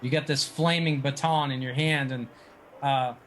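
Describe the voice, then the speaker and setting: A man narrating a tabletop game as dungeon master, halting and restarting often as he describes the scene. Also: mid-range voice, steady tone, fairly bright tone, a little hiss or hum.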